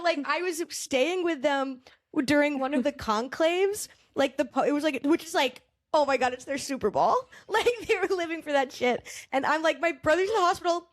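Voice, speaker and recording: A woman stand-up comedian from the Boston area, chatting on a podcast with a fairly high voice. She talks in animated bursts, packed with fillers and swearing. The close, dry sound has almost no room echo. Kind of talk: casual podcast chat.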